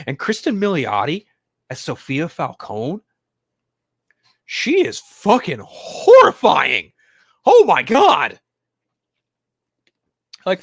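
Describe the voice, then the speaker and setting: A man with a high-sitting voice hosts a pop-culture podcast, ranting casually, swearing constantly, and breaking into sudden loud mock-crying. There's no room sound.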